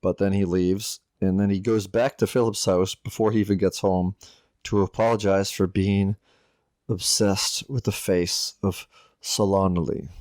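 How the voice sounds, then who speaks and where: A young adult man co-hosting a podcast, recapping a film in a dry, deadpan way. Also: sits low, unhurried, no echo. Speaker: podcast co-host. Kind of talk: casual chat, recapping a film.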